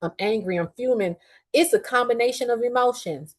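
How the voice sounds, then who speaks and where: A middle-aged woman with a fairly high voice pours out a personal story on her podcast. She speaks candidly and swears freely, moving between low, simmering fuming and loud, angry bursts. She sounds upset, like someone who has been crying on and off all day. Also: a little fast. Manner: candid, profane and heated, swinging between quiet fuming and loud outbursts. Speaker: podcast host.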